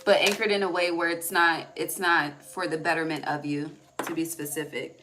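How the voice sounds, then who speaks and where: A woman's voice: fairly low pitch, moderate pace, noisy background. A woman giving a casual, rambling tarot reading, laughing often and trailing off mid-sentence. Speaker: tarot reader.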